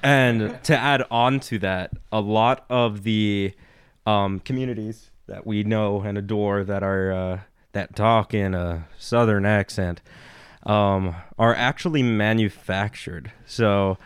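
A man's voice: fairly low pitch, fairly even intonation, takes it slowly, smooth, no room sound, clean studio sound. A young man from Nebraska with a Midwestern accent, chatting casually and laughing as a cast member on a talk show. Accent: Midwestern American. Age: young adult. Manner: chatty, laughing, filler-heavy. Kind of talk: casual chat.

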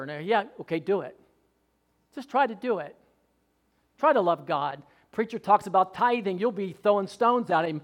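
High-voiced male preacher, fervent sermon delivery, loud exhortations broken by soft asides. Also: lively intonation, moderate pace.

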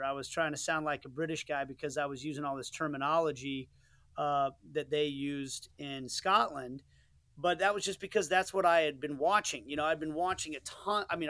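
Rambling, earnest man with higher voice. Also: fairly bright tone, no echo. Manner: rambling and earnest, many restarts and "you know" asides. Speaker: soccer play-by-play commentator, guest. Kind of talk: casual interview storytelling.

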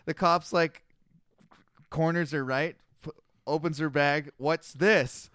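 A man's voice: fairly high pitch, steady tone, unhurried, fairly bright tone, clear, resonant tone, dry recording, studio quality. A young man co-hosting a comedy podcast, telling stories with lots of laughter and reading scripture aloud. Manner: storytelling, laughing often, acting out quotes. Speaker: podcast co-host.

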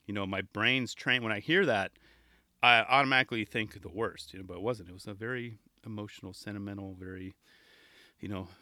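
A man's voice: mid-range voice, sharp tone, dry recording, clean studio sound. A man hosting a podcast on his own, chatting casually and enthusiastically, often restarting his sentences. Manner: rambling, enthusiastic, self-interrupting. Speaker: podcast host. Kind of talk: casual solo podcast talk.

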